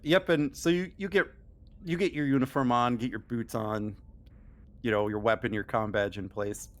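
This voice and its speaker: A man's voice: medium pitch, normal speed. A man narrating as game master of an online tabletop role-playing game, talking casually with fillers and restarts. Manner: relaxed, with many fillers and restarts.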